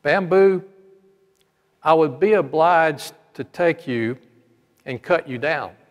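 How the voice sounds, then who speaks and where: A man's voice: fairly high pitch, lively intonation, slow. A man voicing the grave, loving master of a garden in a sermon parable, speaking solemnly. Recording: long hall reverb.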